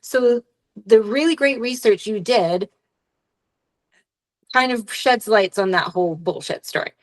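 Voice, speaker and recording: A woman's voice: medium pitch, a little slow. A young adult woman co-hosting a podcast in casual chat, candid and swearing freely, acting out quotes as she talks. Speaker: podcast co-host.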